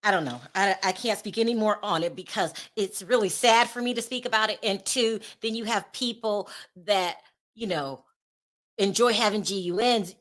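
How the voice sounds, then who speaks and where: Bright, emotional woman vlog host. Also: mid-range voice, normal speed. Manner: emotional, chatty, talks straight to viewers. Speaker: YouTube gossip show host. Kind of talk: casual live-stream chat.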